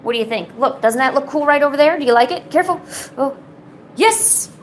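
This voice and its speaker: A woman with a slightly high voice, talking casually and playfully to her cats as she draws. Her chat is loose and teasing. A faint room noise hums behind her. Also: fast talker, low-quality recording. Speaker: streamer. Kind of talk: casual chat while drawing.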